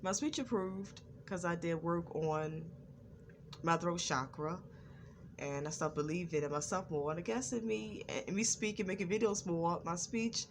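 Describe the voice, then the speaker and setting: A woman vlogger talking slowly and carefully in a casual personal monologue, with a stutter and a lot of repetition. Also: lowish voice, slight background noise.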